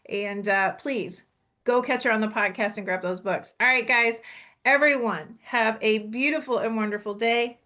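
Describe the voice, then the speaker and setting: A woman's voice: mid-range voice, fairly bright tone. A woman hosting a talk show, chatting casually and effusively, often repeating her thanks. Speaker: show host. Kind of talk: casual chat.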